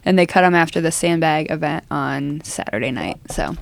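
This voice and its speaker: A woman co-hosting a fitness podcast, chatty and quick to laugh. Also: low voice, expressive, vocal fry, no room sound. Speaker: podcast co-host. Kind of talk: casual chat.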